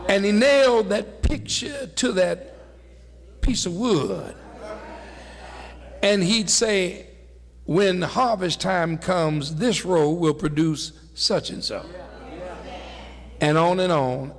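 High, gravelly preacher man in a hall. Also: takes it slowly, pauses often. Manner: call-and-response preaching, swelling to shouts then dropping low. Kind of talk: sermon.

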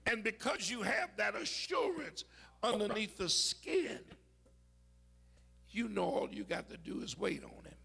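A male preacher with a husky, gravelly edge to a high, bright voice. He preaches slowly and tells stories, building toward shouted dramatic peaks. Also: big pitch swings. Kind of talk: sermon.

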